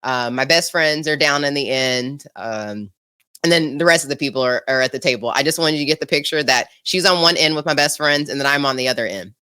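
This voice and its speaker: A woman's voice: very deep voice, fairly quick, sharp tone, clear, resonant tone. A woman hosting a podcast in casual, bubbly chat, laughing often as she tells stories. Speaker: podcast host.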